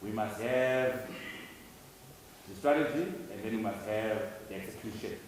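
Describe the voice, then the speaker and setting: A man's voice: lowish voice, unhurried, a little hiss or hum. A man from Zimbabwe giving an emphatic conference speech to students, hammering key words through repetition. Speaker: conference speaker. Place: large lecture hall. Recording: echoey hall, speaker far from mic.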